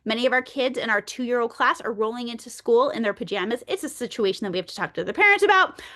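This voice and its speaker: A woman presenting an early childhood workshop, playful and animated, talking straight to the group like a teacher. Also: on the high side, fast.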